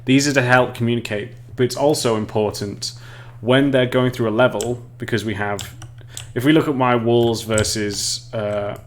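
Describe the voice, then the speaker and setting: A man's voice: mid-range voice, steady tone, normal speed, slight background noise. An English man casually explaining game level design on a live stream, chatting with viewers and often restarting sentences. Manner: chatty, reads chat aloud, frequent restarts and laughs.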